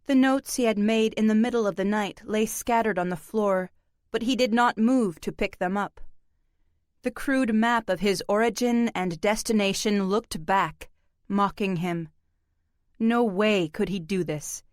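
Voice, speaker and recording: A woman narrating an audiobook in an even, measured reading. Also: mid-range voice, no echo, clean studio sound. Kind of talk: scripted narration.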